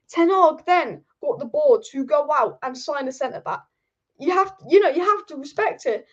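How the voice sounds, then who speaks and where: Woman, high-pitched, animated football stream host, casual swearing, muffled lo-fi stream sound. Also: moderate pace. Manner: animated, reads out viewer comments, swears casually. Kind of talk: live-stream football chat.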